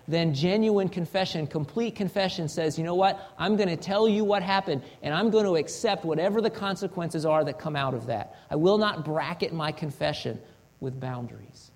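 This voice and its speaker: A man's voice: on the high side, darkish tone. A man preaching a sermon in an earnest manner, asking rhetorical questions and acting out example confessions. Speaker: pastor.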